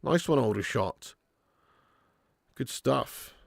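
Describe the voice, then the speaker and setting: A man's voice: medium pitch, expressive, slow, creaky, no room sound, studio quality. A man hosting a live football watch-along, chatting casually, reading out viewer messages and laughing often. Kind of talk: casual live match commentary.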